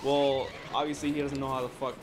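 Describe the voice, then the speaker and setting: A man's voice: medium pitch, flat delivery, a little fast, over music. A young man from the United States telling a rambling, laughing story on a live stream, swearing often.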